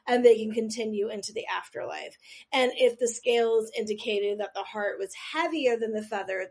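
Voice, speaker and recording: A woman co-hosting a podcast, running a quiz in a rambling, self-deprecating way with jokey asides, sometimes leaning back from the microphone. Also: fairly high pitch. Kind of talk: casual podcast chat.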